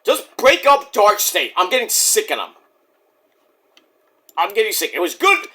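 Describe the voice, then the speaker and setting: Excitable male wrestling vlogger, bright, high voice, profane and theatrical. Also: a little slow, breathy edge. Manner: excitable and profane, acts out quotes in silly voices. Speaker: wrestling show reviewer. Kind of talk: casual solo review vlog.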